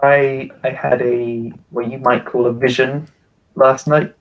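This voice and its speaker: Unhurried male player, halting and joking, dull lo-fi recording. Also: medium pitch, flat delivery. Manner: hesitant and joking, with lots of fillers. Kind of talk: casual tabletop role-play.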